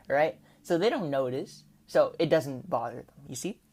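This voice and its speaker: A woman's voice: sits low, animated, moderate pace, few pauses, mellow. A woman telling a rambling, casual story over gameplay as a commentator, with lots of "like" and "right?". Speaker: gaming commentator.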